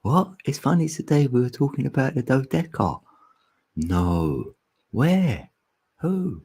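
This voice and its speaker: A man's voice: medium pitch, big pitch swings, slow pace, darkish tone, breathy edge. A man hosting a casual livestream, joking, rambling and laughing often, sometimes singing along loosely. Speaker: livestream host. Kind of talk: casual live stream chat.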